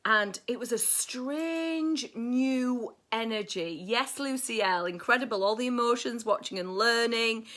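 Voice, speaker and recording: A woman's voice: a little high, a little slow, few pauses, fairly bright tone. A woman hosting a casual astrology livestream, playful and swearing, greeting viewers by name. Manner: playful, swearing, sings snatches of songs; reads viewer comments aloud.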